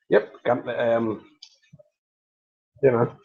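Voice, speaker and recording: A man's voice: mid-range voice, normal speed, highs cut off. A man chatting casually and jokily on a livestream, rambling and laughing often. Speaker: livestream host.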